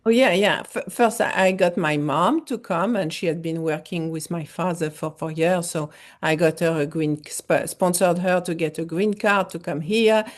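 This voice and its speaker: A middle-aged woman from France with a French accent, telling her story in an interview with many pauses and restarts. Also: lowish voice. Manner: halting, many fillers and restarts. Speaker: foundation founder, guest. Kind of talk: interview conversation.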